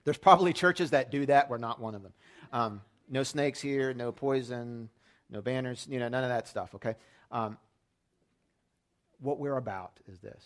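A man's voice: medium pitch, normal speed. A man preaching a sermon as pastor, telling stories in a casual, lightly humorous way. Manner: conversational storytelling with light humor.

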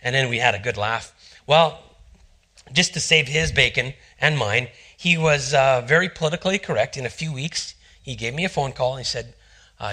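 Animated, bright-voiced male pastor. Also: medium pitch, normal speed. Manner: animated, acts out quotes in hushed voices. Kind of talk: sermon with personal storytelling.

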